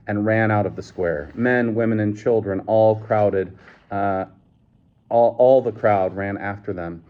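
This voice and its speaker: A man with a low voice reads a novel aloud at a measured pace, now and then stumbling and restarting a phrase. The recording is dull and lo-fi. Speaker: reader.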